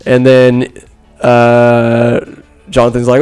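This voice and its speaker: Rambling, animated man recapping a film. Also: medium pitch, slow pace, clear, resonant tone, faint music behind. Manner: rambling, animated, acts out characters' lines. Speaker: podcast host. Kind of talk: casual solo movie recap.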